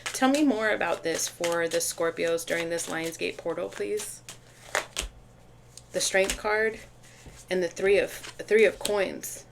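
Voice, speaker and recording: A woman doing a casual tarot reading to camera, talking chattily and excitedly, with lots of restarts and fillers. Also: on the low side, slow, gravelly, noisy background. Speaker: tarot reader.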